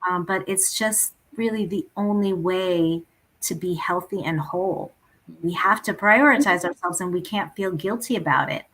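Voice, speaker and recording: A woman's voice: on the low side, moderate pace, fairly bright tone, husky, poor audio. Woman singer from Ethiopia, interview guest, earnest and reflective. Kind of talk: interview talk.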